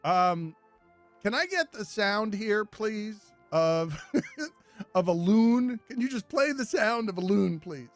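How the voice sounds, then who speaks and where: A high-voiced man hosts a sports talk radio show, joking around and breaking into laughter. His delivery is animated and casual, with faint music behind him. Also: slow pace.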